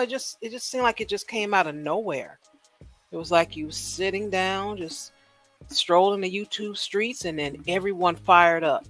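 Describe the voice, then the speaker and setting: A woman hosting a casual livestream, rambling and animated, firing off rhetorical questions and laughing at her own jokes. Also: mid-range voice, moderate pace. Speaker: livestream host. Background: faint music.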